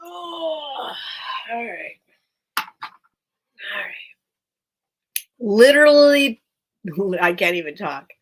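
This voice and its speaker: Woman, live-stream sale host, chatty, distracted, laughs a lot, slow-paced, small room at home. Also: a little high, very animated. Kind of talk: casual live-stream selling chat. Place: small room at home with a towel under the door.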